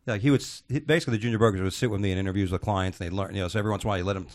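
Fast-talking man telling a rambling story. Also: fairly low pitch. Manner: rambling storyteller, profane, acts out quotes. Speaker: podcast co-host. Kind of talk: casual comedy podcast chat.

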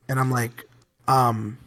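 A young man who teaches middle school, telling stories in a casual podcast chat, animated and laughing as he acts out his students. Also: mid-range voice, a little hiss or hum.

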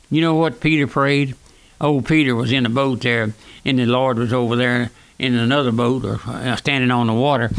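Old preacher guy in his 90s, fervent radio sermon, goes loud then hushed. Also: on the high side, moderate pace, clear, resonant tone. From South Louisiana. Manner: fervent preaching, swings between raised and hushed lines.

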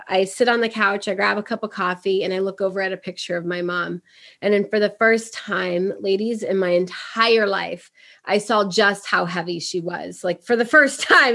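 Speaking in a mid-range voice, a middle-aged podcast guest from Puerto Rico shares her story casually and with energy. She brings the people she quotes to life by performing their voices.

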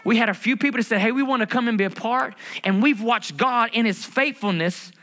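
A male pastor preaching to his church in a high, bright voice. He talks in a lively, conversational way, full of rhetorical questions and humor. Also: fairly quick. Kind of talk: sermon. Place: church building.

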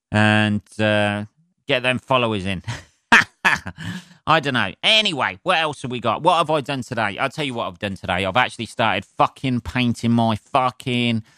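Sweary man ranting, bright voice. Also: on the low side, smooth, dry recording, studio quality. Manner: sweary, ranting, self-mocking. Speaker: podcast host. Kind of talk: solo podcast rant.

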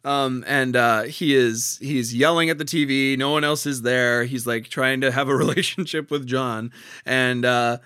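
Bright, smooth-voiced man musing on a play. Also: mid-range voice, fairly even intonation, no room sound, clean studio sound. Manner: halting, many fillers and restarts, laughs easily. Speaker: co-host discussing a play. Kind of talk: casual analytical discussion.

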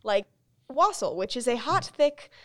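A woman's voice: fairly high pitch, big pitch swings, measured pace, a bit bright. A woman co-hosting a casual chat, who explains facts in an easy, chatty way. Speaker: podcast co-host.

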